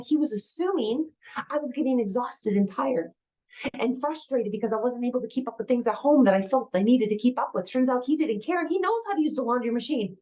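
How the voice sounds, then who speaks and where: Woman, guest speaker, slightly high voice, earnest, emphatic, personal storytelling, acts out dialogue. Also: lively intonation, normal speed, darkish tone. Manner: earnest, emphatic, repeats key phrases.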